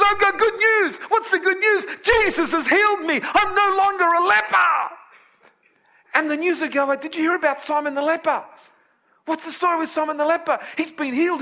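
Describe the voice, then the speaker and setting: A high, bright male voice preaching with animated storytelling. He acts out the voices of the people in the story, then drops low and quiet to explain the scripture. The tone stays bright and forceful. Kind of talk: sermon.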